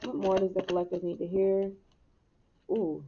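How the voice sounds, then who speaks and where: A woman's voice: medium pitch, flat delivery, moderate pace. Young woman, casual tarot reader, frank and laughing, muffled hissy recording. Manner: candid, laughs often, swears casually. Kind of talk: casual spiritual reading. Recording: muffled mic with noticeable hiss.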